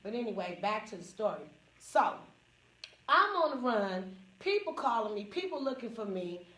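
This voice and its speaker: Her voice sits on the high side, sing-song and fairly bright, at a normal speed. A Northern California comedian who also speaks at support groups, she frankly relates a personal story to a few people, laughing often and performing others' lines, recorded from afar in an echoey room.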